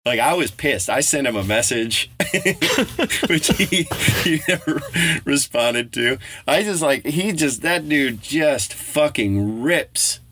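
A man's voice: mid-range voice, animated, a little slow, sharp tone. A middle-aged man co-hosting a podcast in casual chat, blunt and profane, laughing often. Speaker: podcast co-host.

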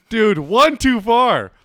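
A man's voice: high voice, fairly bright tone. A young man, a comedian, co-hosting a casual podcast, laughing often and acting out lines in mock voices. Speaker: podcast co-host.

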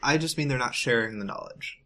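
A man's voice: mid-range voice, brisk, pushed and bright. Dry teasing podcast host man. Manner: dry, teasing, steers the talk. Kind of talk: casual chat.

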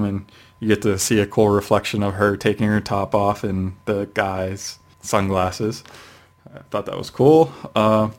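A man co-hosts a comics podcast, recapping an issue in loose, casual talk. His voice sits a little low, and he hesitates often, circling back with fillers and restarts. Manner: rambling, hesitant with frequent fillers. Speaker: podcast co-host. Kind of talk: casual comic book review.

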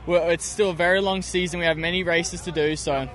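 A man's voice: a little high, steady tone, a little fast, fairly bright tone. A man with an Australian accent, a motocross racer talking in an upbeat, chatty way in a post-race interview outdoors at a race track.

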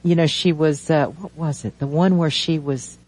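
A man's voice: fairly high pitch, fairly even intonation, moderate pace, darkish tone. A man hosting a radio talk show in a casual, chatty way, laughing and searching for words as he reads listener comments.

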